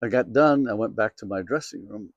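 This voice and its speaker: A man's voice: on the low side, fairly quick, no echo, muffled recording. A middle-aged man from Minnesota, a country singer and host, telling a story in a chatty, self-amused way with lots of fillers. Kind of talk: casual storytelling to camera.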